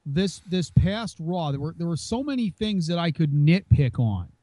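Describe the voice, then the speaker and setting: A man's voice: on the high side, animated, normal speed, warm tone, dry recording. A man co-hosting a casual wrestling podcast, rambling and teasing with many restarts. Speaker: podcast co-host.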